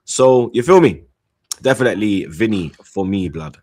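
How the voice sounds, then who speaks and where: Slangy man with a low voice. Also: lively intonation, moderate pace. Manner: slangy and rambling, full of repeated "you get me" and shout-outs. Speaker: football stream co-host. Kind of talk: casual chat, reading out super chats.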